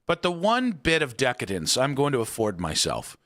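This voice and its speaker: A man's voice: mid-range voice, moderate pace. A man in his forties hosting a sports radio show, telling joking stories in casual banter from a studio. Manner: animated, joking storyteller.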